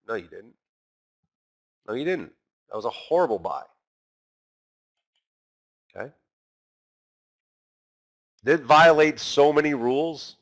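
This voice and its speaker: A man's voice: mid-range voice, lively intonation, unhurried, long pauses, a bit bright. A man teaching a trading class in an emphatic way, asking questions and answering them himself. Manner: emphatic, rhetorical, asks and answers his own questions. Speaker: trading instructor.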